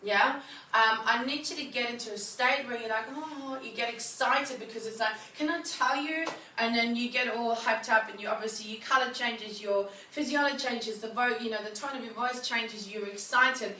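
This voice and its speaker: A woman's voice: a little high, fairly even intonation, moderate pace, sharp tone. A woman coaching a group through a workshop lesson, upbeat and encouraging, often turning questions to the room. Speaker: wellness coach leading a workshop. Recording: roomy, from a distance, faint background hum.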